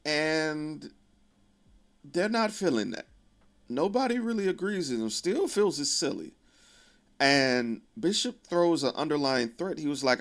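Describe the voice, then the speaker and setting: A man casually recapping a film's plot, animatedly quoting the characters as he goes. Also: unhurried. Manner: animated retelling, quoting characters with raised pitch. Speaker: video essayist. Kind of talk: casual film recap commentary.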